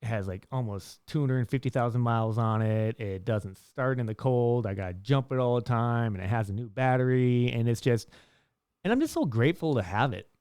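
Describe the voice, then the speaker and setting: A man's voice: normal speed, smooth, no room sound, studio quality. A young man talking casually to camera, rambling with restarts and fillers and lifting his voice to act out stories. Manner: lively storyteller, pitch jumping up when acting out dialogue. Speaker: vlogger giving life advice. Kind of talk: casual monologue.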